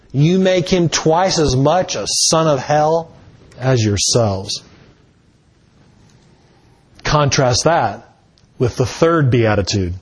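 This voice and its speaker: A man preaching a sermon in a slow, deliberate way, stressing key words with rising emphasis. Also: sits high, breathy edge.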